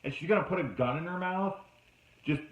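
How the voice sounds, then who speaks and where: A man's voice: fairly high pitch, a little fast. Swearing, exasperated man reviewing a film. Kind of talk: casual ranting review. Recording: dull lo-fi sound in an echoey room.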